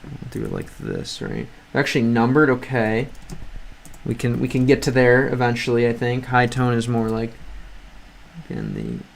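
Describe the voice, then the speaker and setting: A man's voice: mid-range voice, huge pitch swings, normal speed, creaky, slight background noise. A man livestreaming as he studies a language, chatting casually, thinking aloud, reading the chat and often restarting his sentences. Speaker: language-learning streamer.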